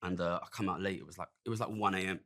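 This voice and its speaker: A man's voice: low voice, steady tone, racing, fairly bright tone. A man telling a story earnestly and emphatically in a played clip, often pressing his point with "okay?". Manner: emphatic, repeats "okay?" and "listen".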